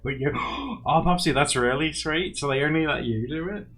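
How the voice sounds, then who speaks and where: A young man chats with his live stream viewers in a rambling, friendly way, his pitch rising and falling a lot. He laughs often and slips into acted-out quotes. Soft music plays quietly under his voice. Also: lively intonation, normal speed. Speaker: livestreamer. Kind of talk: casual chat with live viewers. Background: faint music.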